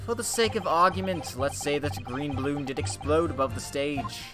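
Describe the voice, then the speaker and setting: A man voicing a cold, aristocratic British prosecutor in a low, slow, condescending voice, over game music. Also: close to an everyday voice. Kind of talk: game playthrough voice acting.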